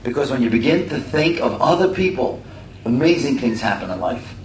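A man's voice: sing-song, brisk. A middle-aged man giving a conversational storytelling sermon, full of asides to his listeners. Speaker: speaker at a religious community talk. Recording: echoey room from a distance, faint rumble.

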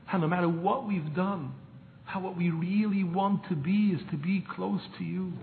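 A man telling a parable in a sermon, moving from hushed narration to pleading. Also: sits high, normal speed, creaky, slight background noise. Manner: storytelling, swings from hushed to pleading. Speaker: rabbi. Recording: echoey room over a tinny phone-like line.

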